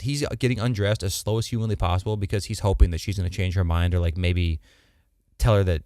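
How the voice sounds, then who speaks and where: A man's voice: sits low, steady tone, fast talker, a little mellow, dry recording, studio quality. A young man co-hosting a podcast, chatting casually and jokingly, full of slang and fillers. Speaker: podcast co-host. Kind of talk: casual chat.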